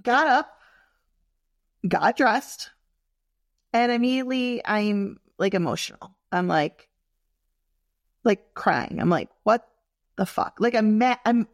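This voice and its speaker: A woman candidly telling personal stories in a frank, expressive way, full of fillers and asides. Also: medium pitch, no echo, studio quality.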